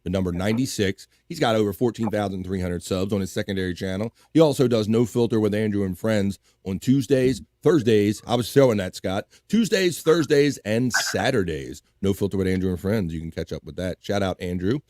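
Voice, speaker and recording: A man's voice: on the low side, brisk, few pauses, a little mellow, dry recording, clean studio sound. A man with a Baltimore accent hosting a live stream in casual chat, laughing often and swearing freely.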